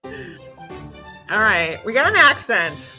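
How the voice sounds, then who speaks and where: A woman's voice: fairly high pitch, very animated, takes it slowly, sharp tone, faint music behind. A woman hosting a livestream in casual chat, chatty and self-deprecating, laughing often. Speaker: livestream host.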